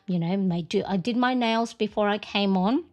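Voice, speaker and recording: A woman's voice: medium pitch, normal speed, a little mellow. Middle-aged lady chatting on a planner livestream, easygoing, lots of "you know" and "right?", close mic. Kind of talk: casual chat.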